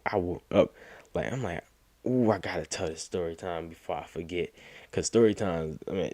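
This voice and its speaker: Lively young man telling a dream story. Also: sits low, no echo. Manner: animated, acts out quoted lines in a raised voice. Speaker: gaming YouTuber. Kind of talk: casual storytime recap.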